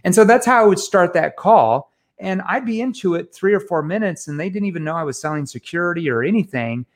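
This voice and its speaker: Animated man telling sales stories. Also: high-pitched, a little fast. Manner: animated, self-mocking anecdotes with many restarts. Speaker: interview guest, sales trainer. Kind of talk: storytelling in a casual interview.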